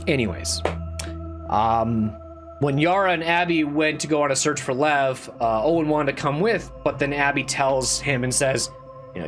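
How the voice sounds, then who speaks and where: Faint music plays behind a man whose pitch sits fairly high and whose pace is normal. Reviewing a game off the cuff, he rambles, loops back, restarts sentences, curses, and grows exasperated until his complaints turn loud.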